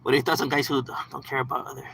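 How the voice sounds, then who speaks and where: A man's voice: medium pitch, level tone, fast talker, gravelly, fairly bright tone, slight background noise, rough recording. A man on a casual livestream, talking to his chat in slang and profanity, often saying "bro" and "homie" and laughing as he talks. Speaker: live streamer.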